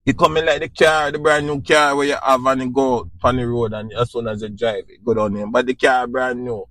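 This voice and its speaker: A man's voice: mid-range voice, level tone, a little fast, fairly bright tone, dry recording. A man with a Jamaican accent hosting a podcast, giving an informal spiritual talk in a preachy, repetitive way and often asking if you understand. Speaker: podcast host.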